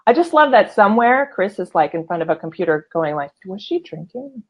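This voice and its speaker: A woman's voice: on the low side, very animated, fast, lo-fi sound. Bubbly woman hosting a live chat show. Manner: bubbly, laughing, reads out viewer comments. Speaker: host. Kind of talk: casual live-stream chat.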